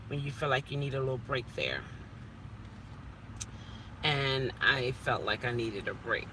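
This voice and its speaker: Slow-talking woman chatting in a car. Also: sits low, pushed and bright, slight background noise. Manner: rambling, chatty, with self-talk asides. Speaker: rideshare driver. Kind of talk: casual vlog chat. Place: inside a car.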